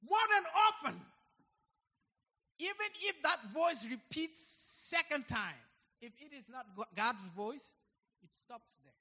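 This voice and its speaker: A man in his fifties preaches a sermon with a very high, bright voice. He speaks slowly and emphatically, rising to loud exclamations and dropping to near hushes. His words ring out with the long reverb of a big hall. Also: lively intonation. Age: 50s. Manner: emphatic, with dramatic swings between loud and soft.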